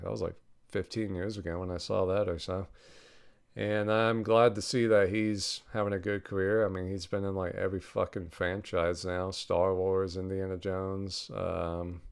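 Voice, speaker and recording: A man with a low, gravelly voice that is also smooth and clear gives a casual spoken film review. He talks bluntly and swears freely, rambling through fillers and restarts and breaking into short laughs. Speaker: podcast host reviewing a film.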